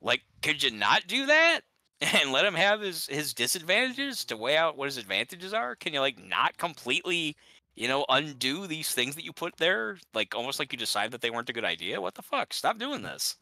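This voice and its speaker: A man's voice: a little high, sing-song, brisk, bright, forceful tone, no room sound, rough recording. A man chatting casually while gaming, ranting with exasperation and many restarts. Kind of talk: casual chat.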